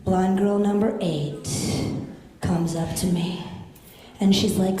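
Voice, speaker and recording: A woman's voice: medium pitch, takes it slowly, mellow. Young woman doing stand-up on a club mic, brash and sweary, room echo behind her voice. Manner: brash, profane, punchy delivery. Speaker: stand-up comedian. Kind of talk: stand-up comedy set. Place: comedy club stage. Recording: roomy club sound.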